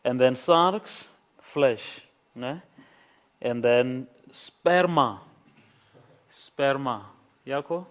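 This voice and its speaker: Slow-paced man teaching a grammar class. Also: medium pitch, a bit bright. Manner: slow, repeats words and checks in with "okay?". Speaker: lecturer. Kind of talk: classroom lecture on Greek grammar.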